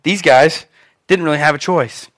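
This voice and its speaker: A male pastor preaching a sermon in an animated, conversational storytelling manner. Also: fairly high pitch, moderate pace.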